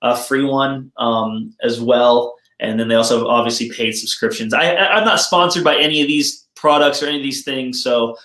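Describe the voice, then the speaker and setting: A man's voice: mid-range voice, normal speed, few pauses, bright, forceful tone. A man speaking as a chiropractor in a casual, friendly health presentation, explaining things plainly and joking about himself now and then. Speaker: chiropractor giving a health talk. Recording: roomy echo.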